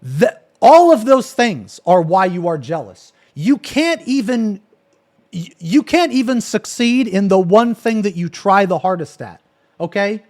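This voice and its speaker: A man's voice: high voice, big pitch swings, measured pace, a little mellow. A male streamer ranting angrily on a live stream, cursing and repeating himself as he reacts to a clip. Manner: angry, profane, repetitive ranting.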